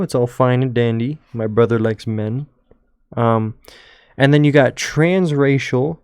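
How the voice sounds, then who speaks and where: A man's voice: mid-range voice, darkish tone, no echo. Young male streamer, loose jokey rambling, dry mic. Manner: rambling, joking, trails off. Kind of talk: casual chat over travel photos.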